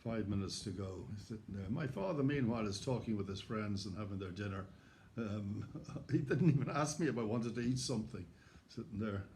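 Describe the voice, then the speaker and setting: An older Irish man, hoarse, telling a personal anecdote in a lively way and acting out the voices he quotes. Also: fairly low pitch, a little fast, slight background noise. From Ireland. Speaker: storyteller. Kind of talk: personal anecdote told to camera.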